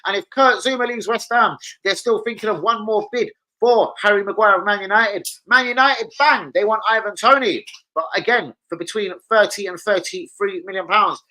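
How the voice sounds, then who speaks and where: Man, football stream host, bright forceful voice, a bit high, excitable and sweary. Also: normal speed. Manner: excitable, swears, calls out chat names. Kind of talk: casual live-stream chat.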